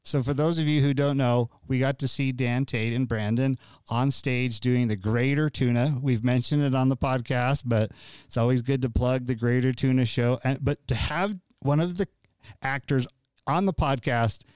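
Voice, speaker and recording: A man's voice: mid-range voice, steady tone, normal speed, darkish tone, smooth, dry recording. Upbeat man hosting a podcast. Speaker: podcast host. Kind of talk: casual chat.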